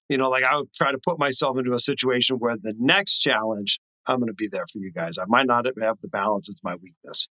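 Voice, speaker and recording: Male podcast guest, middle-aged, bright forward tone, dry sound, earnest and reflective. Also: medium pitch, a little fast, hardly any pauses, no room sound, rough recording. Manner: earnest, reflective, lots of "you know". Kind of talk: casual chat.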